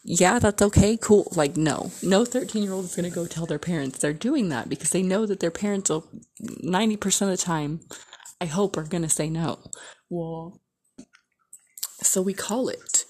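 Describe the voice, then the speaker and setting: A woman's voice: lowish voice, normal speed, a little mellow, husky. A woman vlogger telling a casual storytime, chatty and rambling with lots of filler words.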